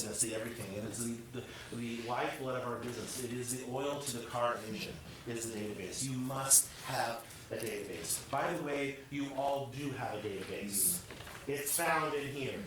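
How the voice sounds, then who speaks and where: A man's voice: mid-range voice, noisy background. A man leading a team meeting in front of a large audience, joking around and firing questions at the room. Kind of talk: lively team meeting talk. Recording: echoey room, speaker far from mic, crowd sounds.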